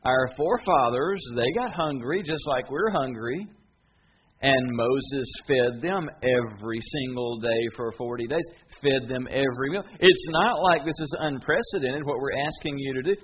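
A man voicing a pushy, sarcastic crowd that demands free food, higher and louder than his own speech. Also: normal speed, lo-fi sound, slight background noise, close to an everyday voice. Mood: whiny.

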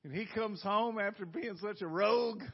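High-voiced folksy preaching man. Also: moderate pace, breathy edge, lo-fi sound. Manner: folksy, asks the room rhetorical questions. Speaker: pastor. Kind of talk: conversational sermon.

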